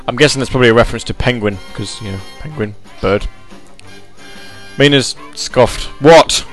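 A man's voice: mid-range voice, normal speed, fairly bright tone, soft background music. A man hosting a casual chat show, rambling and joking with lots of fillers and restarts. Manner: rambling, jokey, puts on silly voices. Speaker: podcast host.

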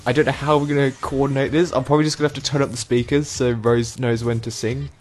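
A man hosting a casual online show, playful and rambling, with lots of ums and quick asides. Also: medium pitch, little pitch movement. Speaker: host. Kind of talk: casual podcast chat.

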